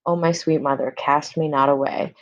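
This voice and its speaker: A woman's voice: sits low, steady tone, moderate pace, lo-fi sound. A woman reading as a desperate young daughter. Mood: pleading.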